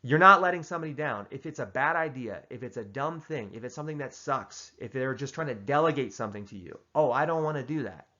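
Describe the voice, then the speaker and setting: A man hosting a casual comedic advice monologue, delivering tongue-in-cheek tips in a mock-serious, deadpan way with frequent restarts. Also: mid-range voice, fast, few pauses, muffled recording.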